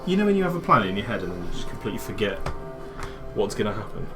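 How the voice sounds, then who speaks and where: A man's voice: fairly low pitch, big pitch swings, rapid-fire, music in the background. Joking man playing a tabletop game. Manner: laughing, joking, swearing. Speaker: player. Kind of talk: casual tabletop gaming chat.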